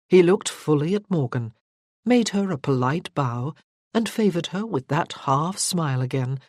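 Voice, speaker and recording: Scripted narration of a period romance, delivered by an audiobook narrator in a measured, even storytelling voice. The voice sits in the mid-range, and the studio-quality recording has no echo.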